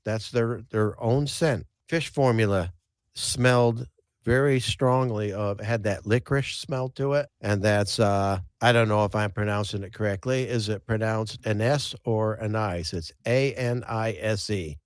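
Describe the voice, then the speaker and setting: A man's voice: fairly low pitch, measured pace, clear, resonant tone, no room sound, studio quality. A man hosting a podcast, telling casual fishing stories in a folksy way, often restarting and repeating words. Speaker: podcast host and angler. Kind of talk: casual storytelling chat.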